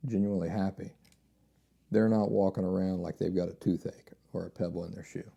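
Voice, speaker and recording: Gravelly, dark-voiced man hosting a podcast. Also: low-pitched. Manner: rambling, repeats phrases and restarts. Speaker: podcast host. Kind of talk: casual solo podcast talk.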